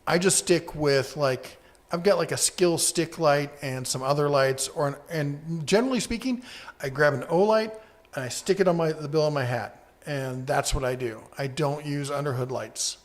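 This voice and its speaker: A man's voice: fairly high pitch, moderate pace. A man co-hosting a casual live-stream podcast, rambling easily and reading viewer comments aloud.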